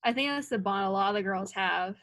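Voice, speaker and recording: Young woman, animated storyteller. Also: medium pitch, fairly quick, no echo. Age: young adult. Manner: animated storytelling, acts out quoted lines. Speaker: guest, college soccer player. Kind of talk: casual interview chat.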